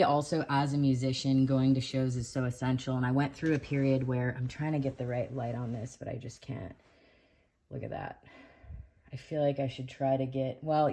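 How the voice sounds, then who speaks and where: A woman musician reviewing shows in a casual, rambling video, often correcting herself as she talks. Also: rumbling low. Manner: rambling, self-correcting, soft-spoken. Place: dim room at home.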